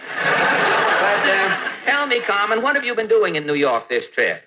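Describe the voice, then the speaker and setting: A man's voice: sits high, big pitch swings, normal speed, dull audio. A man hosting a 1940s radio comedy, firing off dry wisecracks. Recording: scratchy 1940s radio broadcast with laughing studio audience.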